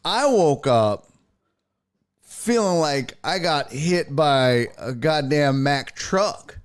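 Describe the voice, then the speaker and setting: A man hosts a live stream show, chatting casually and profanely, reading out the live chat, and greeting viewers by name. His voice is a little high, slow, and expressive, with a clear, resonant tone.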